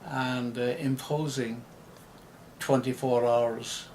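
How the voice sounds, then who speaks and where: An older man from Ireland with an Irish accent, an interviewed writer and actor, reflecting slowly and hesitantly, often restarting his phrases. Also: medium pitch, steady tone, a little mellow, slight background noise.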